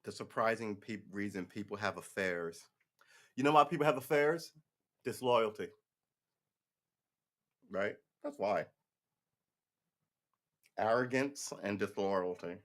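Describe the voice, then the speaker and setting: A man hosting his own podcast, talking off the cuff in a blunt, rambling way, with frequent restarts and some swearing. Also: fairly low pitch. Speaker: podcast host. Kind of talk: casual solo livestream commentary.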